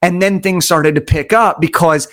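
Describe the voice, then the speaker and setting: A man telling stories as an interview guest, energetic and enthusiastic, stressing his points through repetition. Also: a little high, moderate pace. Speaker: podcast guest. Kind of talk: conversational storytelling.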